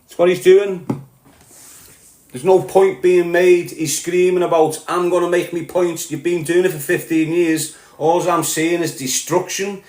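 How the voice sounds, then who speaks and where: Man, Liverpool accent, angry monologue, heavy swearing, high-ish pitch, roomy echo. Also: fairly even intonation, unhurried. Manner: heated, sweary, rising to shouting. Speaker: podcast host.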